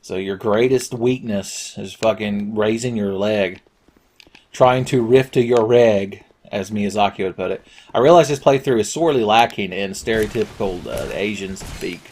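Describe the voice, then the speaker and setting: A man's voice: lowish voice, normal speed, few pauses, breathy edge. Crude, jokey male gameplay commentator. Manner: crude, jokey, yells at the game. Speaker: Let's Play commentator.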